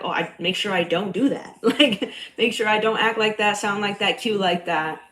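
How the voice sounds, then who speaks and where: A loud, slightly nasal young woman with a touch of a Bronx accent, talking casually on a livestream. Her voice sits a little low for a woman. She speaks bluntly, swears freely and laughs between thoughts. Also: rough recording. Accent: slight Bronx New York. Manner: blunt, profane, laughs often. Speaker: cycle coach.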